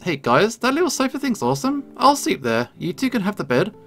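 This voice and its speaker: A man reading a carefree, excitable young man in a visual novel game, pitching his voice up. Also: fairly quick, soft background music, full character voice. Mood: excited.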